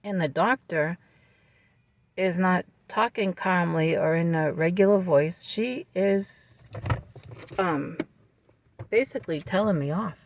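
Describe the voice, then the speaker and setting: A vlogger telling a personal story to camera in a calm, measured way, with fillers and restarts. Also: mid-range voice.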